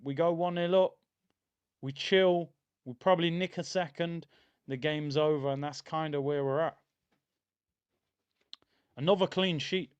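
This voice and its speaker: A man with a fairly high, clear and resonant voice talks at a moderate pace over lo-fi audio. He's streaming a live football watchalong, chatting casually about the match, reading out viewer comments and breaking into excitable bursts.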